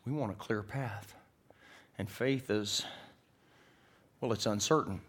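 Male pastor, lowish voice, sermon delivery that swings between forceful emphasis and near-whispers. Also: slow pace, slightly rough. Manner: swings from loud emphatic preaching to hushed whispers.

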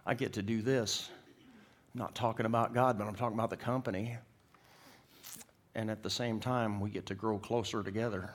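A middle-aged pastor preaches a sermon in church, his lowish voice brisk and fairly even, with frequent pauses. He tells folksy, joking stories and acts out the characters in them.

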